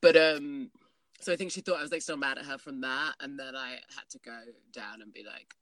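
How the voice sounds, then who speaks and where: A woman's voice: rumbling low, steady tone, a little fast, fairly bright tone. A woman in her thirties chatting casually and candidly, rambling and laughing often. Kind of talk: casual chat.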